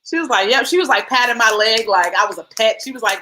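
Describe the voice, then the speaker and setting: A woman in her forties hosting a casual chat, telling lively stories and acting out quotes. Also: on the high side, fast, a little hiss or hum, poor audio. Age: 40s. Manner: animated storytelling, acts out quotes. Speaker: host.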